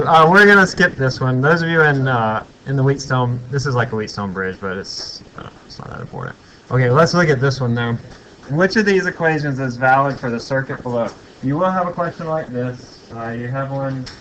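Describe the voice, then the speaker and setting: A man lecturing a physics class in a relaxed, joking way, thinking aloud with fillers as he works through problems. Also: mid-range voice, muffled recording, a little hiss or hum.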